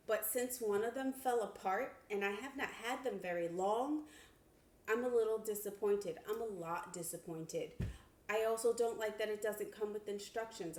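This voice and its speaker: A woman giving a casual sewing product review, chatty and expressive, with laughs and exclamations, from a home sewing room. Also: medium pitch. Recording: echoey room.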